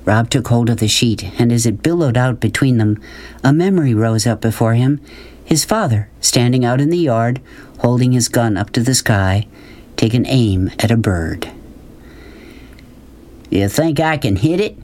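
A man narrating an audiobook in a calm, even storytelling voice. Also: mid-range voice, moderate pace. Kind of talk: scripted narration.

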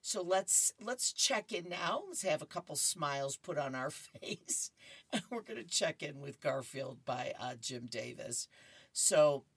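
A woman's voice: low-pitched, lively intonation, measured pace, breathy edge, dry recording. A woman reading horoscopes and newspaper comics aloud in a chatty, amused way, adding asides and laughing between strips. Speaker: radio-style reader of horoscopes and comics.

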